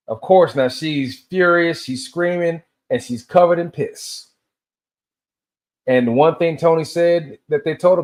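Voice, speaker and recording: A man's voice: a little high, big pitch swings, unhurried, darkish tone. A man in his fifties from Tennessee, rambling through a solo rant and telling loose stories that drift between tangents. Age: 50s. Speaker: vlogger.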